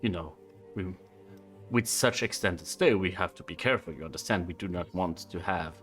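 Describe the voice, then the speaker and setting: A man voicing a brusque male hotel manager with a heavy put-on Italian accent, talking fast in a tabletop role-play. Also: sits low, fairly bright tone, soft background music, voice pushed down. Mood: bargaining. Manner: fast, smooth haggling.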